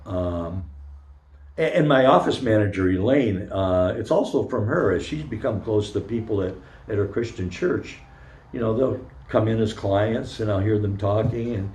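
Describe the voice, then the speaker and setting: An older man, a Zen priest, giving an informal personal sermon, telling a story candidly and haltingly with many pauses and fillers. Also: fairly low pitch, a little mellow. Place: temple meditation hall. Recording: roomy echo.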